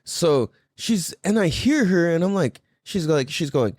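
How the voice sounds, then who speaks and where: A man hosting a podcast, telling a story in a casual, profane and animated way. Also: on the high side, a little slow, few pauses, no room sound, clean studio sound. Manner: animated, profane, laughing often. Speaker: podcast host.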